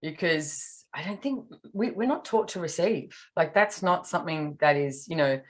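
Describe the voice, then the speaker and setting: A woman's voice: low-pitched, expressive, normal speed. A woman from Australia, a podcast guest, telling candid personal stories in casual conversation and acting out her own thoughts.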